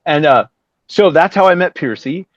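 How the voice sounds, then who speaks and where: With no echo and a moderate pace, this man in his fifties, a visiting musician in an informal interview, tells an animated story. He swears often and acts out quotes with dramatic pitch jumps, and the sound is dry, dull and lo-fi.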